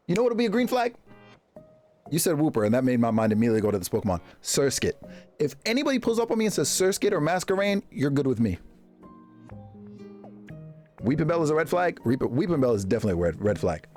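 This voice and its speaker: A man streaming live, chatting casually with his viewers and reacting to them in a jokey, animated way. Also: normal speed, pauses often, faint music behind. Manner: animated, jokey, reacting to chat with big pitch jumps and laughs.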